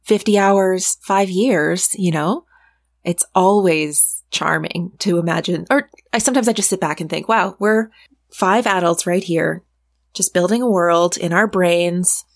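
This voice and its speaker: A woman's voice: lowish voice, measured pace, no echo, clean studio sound. A woman on a tabletop game podcast, talking in a thoughtful, musing way. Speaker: podcast guest. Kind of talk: casual reflective chat.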